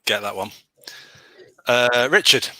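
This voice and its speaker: A man's voice: medium pitch, slow pace, sharp tone, no echo, poor audio. A man hosting an online pun competition, upbeat and joking as he runs the votes. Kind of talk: casual hosting.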